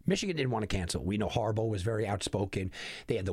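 A man giving an animated, sarcastic sports betting monologue full of exasperated rhetorical questions. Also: medium pitch, quick pace, no room sound, clean studio sound.

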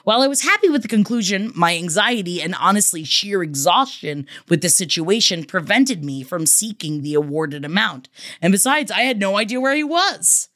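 A woman's voice: medium pitch, sing-song, normal speed, fairly bright tone, dry recording, studio quality. A woman podcast host reading listener messages aloud, emotional and affectionate, swearing freely. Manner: effusive and affectionate.

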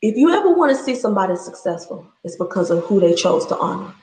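A woman's voice: medium pitch, very animated, fast talker, darkish tone. A woman in her thirties giving a passionate, preacherly faith-based talk, laughing often as she speaks. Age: 30s. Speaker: speaker sharing her story. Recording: roomy echo.

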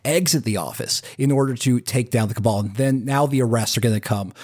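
Man, podcast guest, mid-pitched voice, halting, lots of fillers and restarts, casual talk. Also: a little mellow. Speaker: podcast guest researching QAnon.

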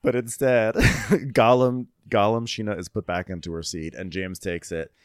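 A man co-hosting a comedy podcast, recapping reality TV with giggles and shrill mock voices for the cast. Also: steady tone, normal speed, clear, resonant tone, no room sound, clean studio sound. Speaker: podcast co-host.

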